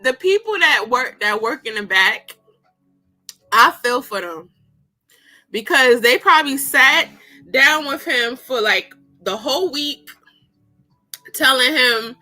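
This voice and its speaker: Woman vlogger, bright higher voice, slow and laughing, slangy commentary, faint music under. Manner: animated, laughs often, slangy and exclaiming. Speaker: vlogger reviewing a political debate. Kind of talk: casual commentary.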